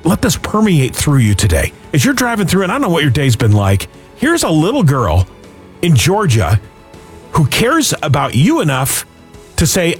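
Animated earnest male radio host. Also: on the high side, breathy edge. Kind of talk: fundraising radio talk.

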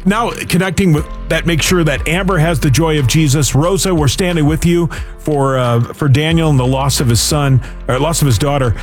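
A man's voice: a little high, fairly quick, soft background music. A man hosting a fundraising radio show, talking earnestly with frequent restarts. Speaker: radio host.

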